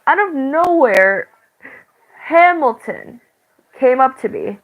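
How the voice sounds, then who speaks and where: A female channel host casually tells the story of her dream, halting often, restarting, filling gaps with "like" and giggling. Her high voice is very animated and fairly bright, though the recording is rough.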